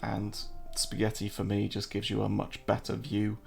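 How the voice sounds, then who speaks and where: A man's voice: on the low side, monotone, moderate pace, creaky, a little mellow, soft background music. An English man hosting a casual live-stream, joking, answering viewer chat and walking through trading charts. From England.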